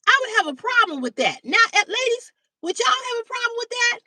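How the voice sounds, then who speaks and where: A woman hosting a livestream, telling a story to her chat in a blunt, animated way, swearing freely and greeting viewers by name. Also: very high-pitched, a little fast, hardly any pauses, dry recording. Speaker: livestream host. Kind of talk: casual storytelling to live chat. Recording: dry, slightly distant mic.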